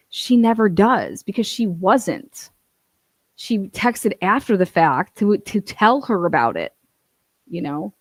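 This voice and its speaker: Woman commentator, mid-pitched, blunt and profane, dry close sound. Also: lively intonation, unhurried, no room sound. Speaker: true-crime commentator. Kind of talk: casual commentary.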